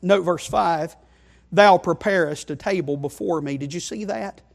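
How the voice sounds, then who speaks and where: Delivering a sermon at normal speed, this preacher has a voice on the high side with some vocal fry. With emphasis, he addresses the congregation as friend and child of God while asking them rhetorical questions.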